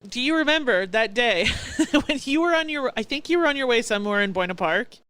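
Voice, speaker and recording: A woman's voice: on the high side, lively intonation, fairly quick, fairly bright tone, clean tone, no echo. A woman co-hosting a podcast in casual chat, telling stories and laughing often. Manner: laughing, storytelling. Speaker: podcast co-host.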